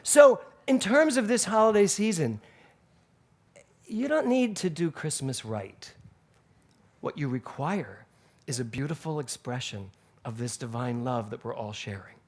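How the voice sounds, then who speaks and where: A male minister delivers a Sunday talk in a spiritual center, his voice sitting a little high for a man. He tells stories animatedly and laughs as he goes. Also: expressive, a little slow. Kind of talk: sermon.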